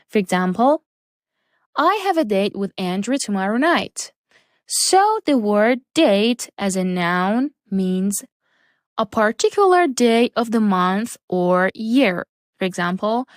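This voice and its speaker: A woman teaching a lesson, reading out words and example sentences slowly and deliberately. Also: on the high side, no room sound, clean studio sound. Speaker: English teacher. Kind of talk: slow, careful English lesson.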